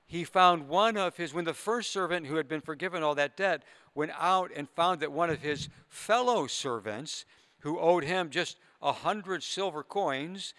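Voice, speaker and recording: A man's voice: on the high side, measured pace, fairly bright tone. A man preaching a sermon as a pastor, retelling a parable earnestly with conversational asides to his listeners.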